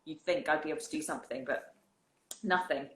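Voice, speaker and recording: An English woman with a slightly low voice chats with an old friend, quick and laughing often. Her voice rings in an echoey room at home. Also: a bit bright, a little hiss or hum. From England. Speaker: guest. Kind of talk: casual chat. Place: home in the countryside.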